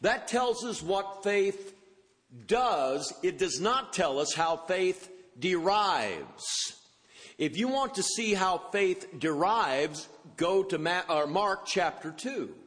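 A man's voice: sits high, expressive, takes it slowly, fairly bright tone. A man preaching an expository sermon, quoting scripture and lifting his voice for emphasis on the quoted words. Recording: long hall reverb.

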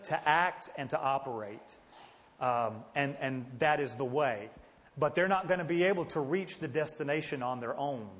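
Man teaching Bible class in echoing hall. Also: a little high. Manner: conversational, asks the class questions.

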